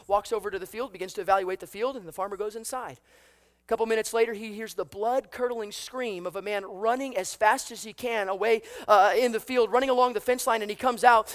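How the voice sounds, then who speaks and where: A man's voice: high voice, fast talker. A man preaching a sermon, telling a story with acted voices and asking the congregation rhetorical questions. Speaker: pastor.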